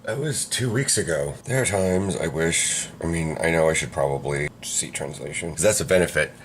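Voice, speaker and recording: A man with a very low, deep voice rambles to camera in a loose vlog chat, cutting himself off and circling back mid-thought. He talks indoors by a counter, with a faint noise behind him. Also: normal speed. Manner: rambling, chatty, self-interrupting. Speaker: vlogger.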